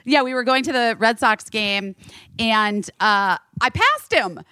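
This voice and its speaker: A woman co-hosting a podcast, telling stories in a chatty, animated way. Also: a little high, a little slow, smooth, no room sound, clean studio sound. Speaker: podcast co-host. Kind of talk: casual chat.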